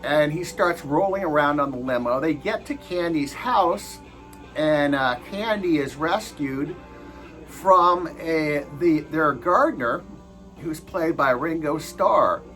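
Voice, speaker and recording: A man's voice: on the high side, takes it slowly, fairly bright tone, soft background music, low-quality recording. A man giving a casual movie review, hesitant and full of filler sounds.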